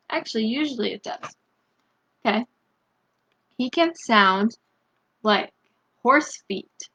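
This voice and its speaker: A woman reading a picture book aloud to children, gently asking them questions and breaking into loud animal sounds. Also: fairly high pitch, animated, lo-fi sound. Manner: slow, gentle, asks the young listeners questions; bursts into loud animal noises. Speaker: storytime reader.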